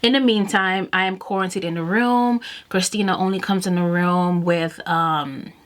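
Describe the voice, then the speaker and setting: A woman with a slightly low voice talks casually to her camera while doing her makeup. She tells a story in a chatty, animated way and acts out the lines of everyone in it. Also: moderate pace. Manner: chatty and animated, quoting herself and others. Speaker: beauty vlogger. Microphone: camera mic while doing makeup.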